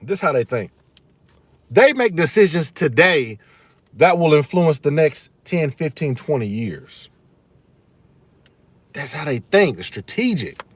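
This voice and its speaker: Fired-up man ranting live, high voice. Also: big pitch swings, a little slow, long pauses, slightly rough, no echo. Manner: fired-up, emphatic, repeats key phrases, addresses viewers as y'all. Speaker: channel host streaming live. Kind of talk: casual live-stream rant to viewers.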